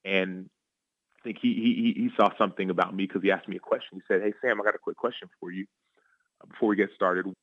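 A man, a former football player turned author, telling personal stories in a radio interview in an earnest, animated way that keeps checking in with "right?". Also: low-pitched, fast, no echo, lo-fi sound. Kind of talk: interview storytelling. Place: radio studio.

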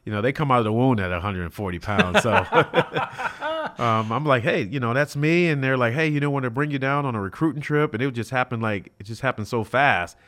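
Middle-aged man, a former college athlete, a guest storyteller from South Central LA. Mid-pitched, chatty, acts out the quotes. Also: brisk. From South Central Los Angeles. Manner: animated, acts out quoted dialogue, many fillers like "you know". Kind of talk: storytelling in a casual interview.

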